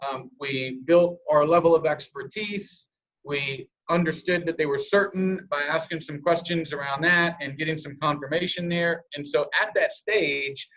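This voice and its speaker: A man's voice: a little high, fairly bright tone, muffled recording. A man giving a sales training presentation over a call, coaching listeners and acting out example scripts in different tones.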